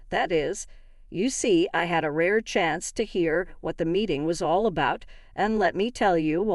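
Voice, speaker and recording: A woman's voice: fairly low pitch, no room sound, studio quality. Woman narrating a dramatic first-person story. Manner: reads all characters in an even narrating voice.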